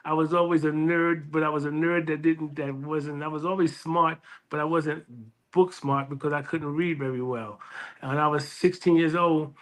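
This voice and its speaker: A man's voice: fairly high pitch, moderate pace. A man, a librarian telling his life story as an interview guest, with frequent restarts and acted-out quotes. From New York City. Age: 60s. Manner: lively storyteller who restarts phrases and acts out quoted voices.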